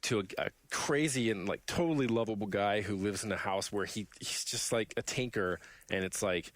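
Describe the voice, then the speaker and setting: A man co-hosting a podcast in casual chat, telling stories in a rambling, animated way with many restarts. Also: on the low side, normal speed, dry recording. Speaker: podcast co-host.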